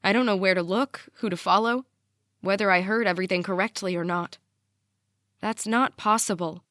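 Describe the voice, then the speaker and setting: A woman's voice: mid-range voice, normal speed, a bit bright, no room sound. A woman narrating a young adult novel in the first person, earnest and intimate, on a close mic. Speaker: audiobook narrator.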